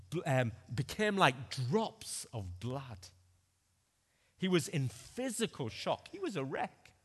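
Earnest male preacher, deliberate and expressive, long church reverb. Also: mid-range voice, slightly rough. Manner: earnest, dramatic swings between loud and hushed. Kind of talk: sermon.

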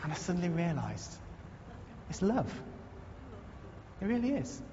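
A man's voice: high-pitched, very animated, unhurried, mellow. A man preaching a conversational sermon in a church, earnest and storytelling, building to emphatic repetition. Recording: echoey muffled hall recording, faint noise.

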